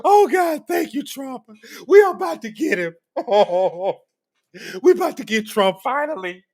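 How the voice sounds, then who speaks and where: A man voicing a giddy male political opponent who squeals, sobs with glee and shouts praise. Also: extremely high pitch, sing-song, unhurried, voice pushed up, full character voice. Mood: gleeful mockery.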